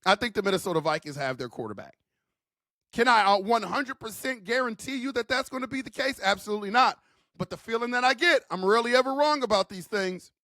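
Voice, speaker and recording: A man's voice: high voice, animated, fast, pushed and bright, dry recording, studio quality. A man hosting his own football channel, giving fired-up, emphatic opinions in a casual slangy way and repeating his points. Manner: casual slangy talk, calls listeners man. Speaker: sports channel host. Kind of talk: opinionated football commentary vlog.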